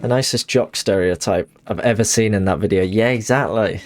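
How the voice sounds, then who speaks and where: A man's voice: fairly low pitch, a little fast, soft background music. A young man, chatting casually while streaming a game and telling rambling stories. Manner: rambling storyteller, acts out quotes. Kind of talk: casual chat while gaming.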